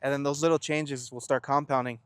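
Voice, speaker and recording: A man's voice: medium pitch, little pitch movement, fairly quick, clean tone, dry recording. Earnest young man, dry close sound. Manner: earnest, asks rhetorical questions and answers them; stammers and restarts words. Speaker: self-help vlogger. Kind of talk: reflective motivational monologue.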